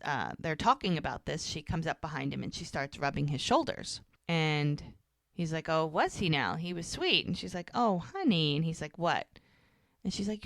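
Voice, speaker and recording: A woman's voice: low-pitched, dry recording, studio quality. A woman casually recapping a TV episode on a podcast, acting out the characters' lines as she goes. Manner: animated retelling, quoting characters with "she's like". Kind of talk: casual chat.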